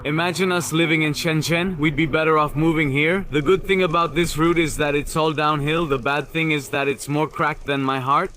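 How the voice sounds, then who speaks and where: Bright-voiced joking man on a bike trip. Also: a little high, steady tone, moderate pace, few pauses. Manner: playful, jokey, chatty with locals. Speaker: travel vlogger. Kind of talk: casual travel vlog chat. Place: outdoors on a cycling trip.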